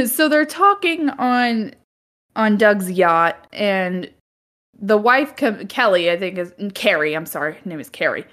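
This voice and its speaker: A woman's voice: mid-range voice, lively intonation, a little slow, a bit bright. A woman co-hosting a podcast, recapping a movie in casual chat, laughing often and groaning "ugh". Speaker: podcast co-host.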